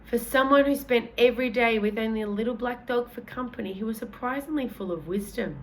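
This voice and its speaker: A woman's voice: a little high, fairly quick, a little hiss or hum, poor audio. A woman reading a children's book aloud in a casual way, correcting her own slips as she goes. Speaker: reader.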